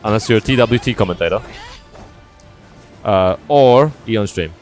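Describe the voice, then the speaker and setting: A man commentating a fighting game tournament, joking with his co-commentator between fast play-by-play calls. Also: fairly low pitch, expressive. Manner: quick, joking, trails into quiet asides. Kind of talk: esports commentary and banter. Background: music.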